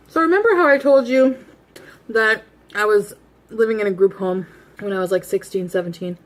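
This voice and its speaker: A woman's voice: medium pitch, normal speed. A woman telling a chatty, confessional story while eating on camera, casual storytime. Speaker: mukbang vlogger.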